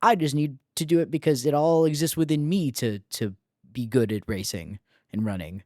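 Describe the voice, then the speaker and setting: A man's voice: medium pitch, normal speed, a little mellow, no echo, studio quality, voice pushed up, lightly acted. A man voicing a distraught young female rabbit racer from a video game, talking in a breathless, fretful way. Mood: fretful, excited.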